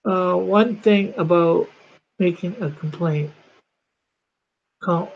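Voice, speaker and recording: A comic artist chatting casually on a livestream from home, rambling and halting while reading the chat. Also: mid-range voice, gravelly, muffled recording.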